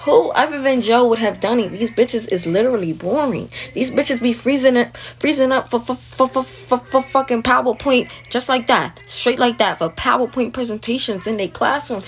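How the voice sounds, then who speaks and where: A woman's voice: on the high side, moderate pace. A woman in a brash, profanity-filled rant, talking herself up over and over. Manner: brash, swearing, repetitive. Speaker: self-promoting speaker.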